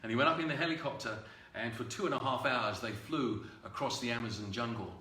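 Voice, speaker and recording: A man, a singer-songwriter, telling a halting, unhurried story full of ums and uhs before a song at a livestreamed home concert. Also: mid-range voice, sharp tone, echoey room, far from the mic.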